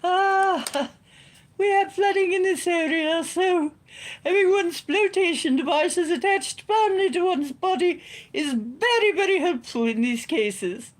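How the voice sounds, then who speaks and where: A woman's voice: very high-pitched, unhurried, voice pushed up. A woman putting on the voice of a prim, posh schoolmistress, with lofty, theatrical, sing-song delivery. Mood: grand, amused. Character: prim, posh female schoolmistress, grandly amused.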